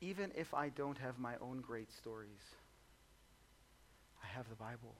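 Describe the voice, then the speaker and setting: A man preaching a sermon in a conversational, humorous way, swinging between soft low asides and loud high exclamations. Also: lively intonation, a little slow, slight background noise. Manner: conversational and humorous, acts out voices of the disciples. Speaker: pastor.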